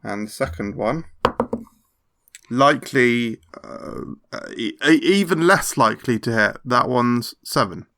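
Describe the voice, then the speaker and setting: A man playing a tabletop game who speaks haltingly, with many ums and restarts. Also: mid-range voice, lively intonation, sharp tone. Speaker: player.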